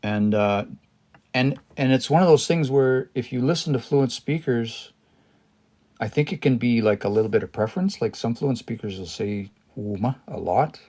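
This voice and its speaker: A man's voice: medium pitch, expressive, moderate pace, darkish tone. A man teaching a language on a livestream, thinking aloud and explaining word by word, with many restarts and hesitations.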